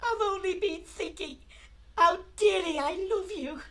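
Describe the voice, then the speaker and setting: A man voicing a prim, dutiful young village maid in a comic operetta, in a melodramatic falsetto, recorded in his room at home. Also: unhurried, pushed and bright, full character voice. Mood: earnest. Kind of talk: comic operetta dialogue, one-man performance.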